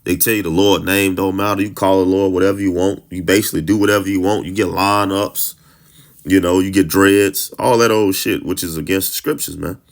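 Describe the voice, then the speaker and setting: A man's voice: low voice, fairly even intonation, brisk. A man giving informal Bible teaching, blunt and heated, stammering through restarts and tagging nearly every phrase with 'man'. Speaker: scripture teacher.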